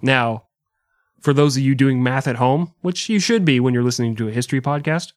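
A man's voice: mid-range voice, a little fast, no echo, clean studio sound. A man co-hosting a casual comedic history podcast, joking and laughing often as he tells the story. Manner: jokey, laughs often, breaks into mock singing. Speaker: podcast co-host.

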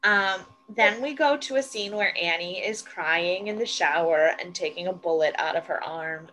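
A woman's voice: on the low side, moderate pace, sharp tone, low-quality recording. A woman co-hosting a podcast, chatting casually as she recaps TV scenes, swearing freely and acting out the lines she quotes. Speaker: podcast co-host.

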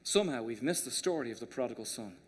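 A man preaching a passionate sermon as pastor, swinging between quiet, low stretches and forceful emphasis. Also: animated, quick pace, slightly rough. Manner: impassioned preaching, rising and dropping for emphasis. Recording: long reverb of a large hall.

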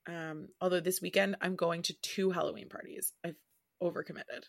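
A young adult woman co-hosting a podcast, chatting casually with a friend in a relaxed, lightly sarcastic way. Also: lowish voice, moderate pace, creaky. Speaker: podcast co-host. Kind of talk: casual chat between friends.

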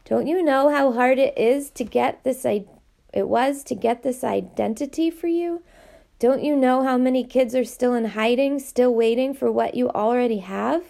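A woman voicing a weary, sympathetic middle-aged male headmaster, speaking gently and apologetically in an audiobook reading. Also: on the high side, moderate pace, creaky, voice pushed up. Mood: earnest.

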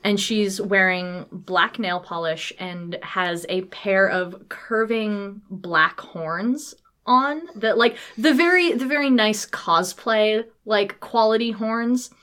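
A woman's voice: medium pitch, takes it slowly, fairly bright tone. A woman playing in a tabletop game, describing her character with many ums and restarts. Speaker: player. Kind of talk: casual actual-play chat.

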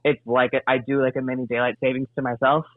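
A young comedian from Indianapolis chatting as a guest over a phone call, easygoing and meandering. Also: male voice, medium pitch, little pitch movement, fast talker. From Indianapolis, USA. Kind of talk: casual interview chat. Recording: dry tinny phone line.

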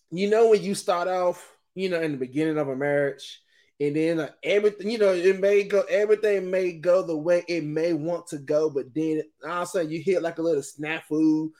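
A middle-aged man hosting a podcast and talking through a rambling, animated, casual monologue, often laughing. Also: on the high side. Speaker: podcast host.

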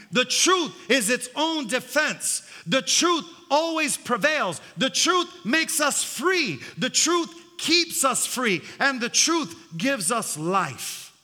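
A man's voice: very high voice, bright, forceful tone. An older man preaching a fiery sermon as pastor, with hallelujah refrains, in a church sanctuary. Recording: long hall reverb.

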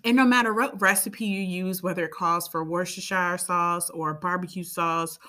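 Chatty woman with a lowish voice. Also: fairly even intonation, normal speed, sharp tone. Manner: chatty and rambling, with side tangents and playful asides. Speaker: podcast co-host. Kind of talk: casual chat.

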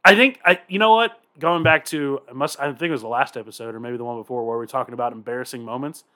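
A young man co-hosting a podcast, chatting casually and telling animated, profane stories. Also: medium pitch, fast talker. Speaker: podcast co-host. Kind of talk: casual chat.

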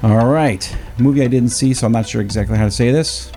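A man's voice: medium pitch, a little fast, mellow, soft background music. A man hosting a casual movie-quote trivia game, explaining the rules at length and laughing easily. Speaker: quiz host.

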